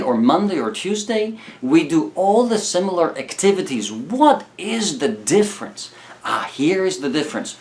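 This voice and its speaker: A man preaching a sermon, earnestly urging the congregation and addressing them directly. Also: a little high. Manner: emphatic repetition.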